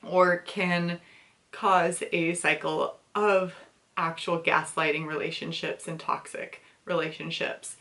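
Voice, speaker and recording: A young woman hosts a casual book club chat, speaking in an unhurried, lowish voice. She is candid and openly emotional, laughing often as she talks. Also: flat delivery, a bit bright.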